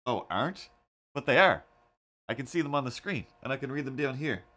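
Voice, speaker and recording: A man hosting a casual livestream while he draws, rambling through animated stories with lots of fillers and restarts. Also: mid-range voice, fairly quick. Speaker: livestream host.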